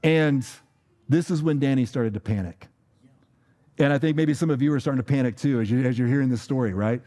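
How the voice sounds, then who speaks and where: A man's voice: mid-range voice, brisk, dark tone. A man preaching a sermon as a pastor, telling a story in a loose, conversational way with fillers and repeated words. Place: church.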